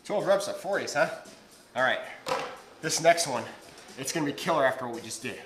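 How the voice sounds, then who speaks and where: A man's voice: on the high side, animated, brisk, fairly bright tone, soft background music, poor audio. A man coaching a live gym workout, breathless between sets, explaining technique. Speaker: fitness coach.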